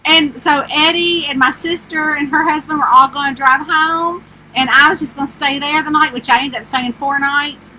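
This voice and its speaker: A middle-aged woman with a high, squeaky, twangy voice, chatting on a phone livestream from a small camper and greeting viewers by name. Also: fairly even intonation, moderate pace, pushed and bright, a little hiss or hum, low-quality recording. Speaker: author hosting a livestream. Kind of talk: casual live-stream chat. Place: inside a small camper with the air conditioner running.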